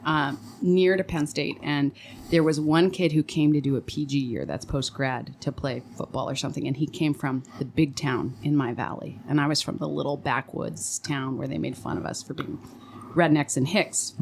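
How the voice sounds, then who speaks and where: A woman's voice: deep voice, a little hiss or hum. Chatty woman from central Pennsylvania. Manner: chatty, laughs often, animated storytelling. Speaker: guest. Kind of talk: casual interview chat.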